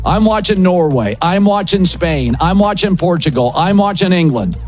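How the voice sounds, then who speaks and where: A man's voice: sits high, lively intonation, moderate pace, a little mellow, soft background music. A man hosting a sports talk show, riffing in short, punchy, emphatic phrases and strong opinions.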